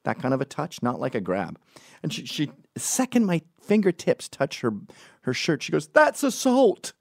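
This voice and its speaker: A man's voice: mid-range voice, moderate pace, creaky, no echo, studio quality. A man telling stories in a casual monologue, rambling, swearing and going off on tangents while acting out the people he quotes. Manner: rambling, profane, goes off on tangents; lively, acts out quoted voices.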